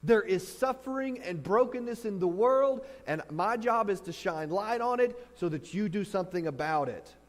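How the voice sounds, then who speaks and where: A man delivers a sermon in a high voice that carries through a large, reverberant hall. He tells stories with animation and acts out reactions, and a faint mains hum sits under the recording. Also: normal speed, few pauses. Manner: animated storytelling, acting out reactions. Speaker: pastor. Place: church hall.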